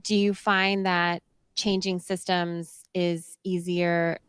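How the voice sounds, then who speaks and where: A woman's voice: lowish voice, flat delivery, slow, a bit bright, clean tone, no echo. A woman moderating a public event, asking earnest questions of a speaker.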